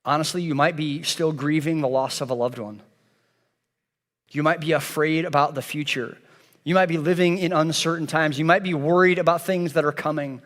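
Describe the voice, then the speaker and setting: Man, pastor, sermon, earnest repetitive cadence, fairly high voice, long reverb in a church hall. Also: fairly even intonation, normal speed, a bit bright. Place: church sanctuary.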